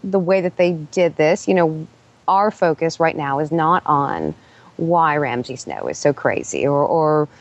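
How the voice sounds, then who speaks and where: Low-voiced woman guest, halting speech. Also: lively intonation, highs cut off. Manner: halting, repeats words as she starts. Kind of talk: casual chat.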